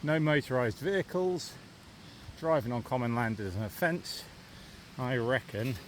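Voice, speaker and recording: A man's voice: mid-range voice, unhurried, slight background noise. Chatty man walking outdoors. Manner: chatty, thinking aloud, understated British phrasing. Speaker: outdoor vlogger. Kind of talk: walking vlog narration. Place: outdoors on a country lane and hillside.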